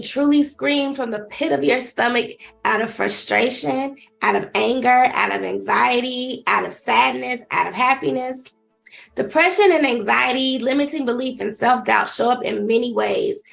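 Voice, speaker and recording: A woman's voice: sits high, creaky, a bit bright. A woman life coach giving an earnest motivational talk, telling her own story and asking the listener direct questions. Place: seated.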